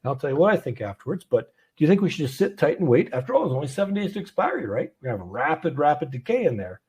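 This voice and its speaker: This is a man hosting a live market webinar, heard through a video-call mic. His voice has a slightly husky edge, and he talks in a loose, unpolished way. He thinks aloud as he goes, with plenty of fillers and restarts. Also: on the high side, sing-song, very fast, darkish tone. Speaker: host of a trading webinar. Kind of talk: live conversational market talk.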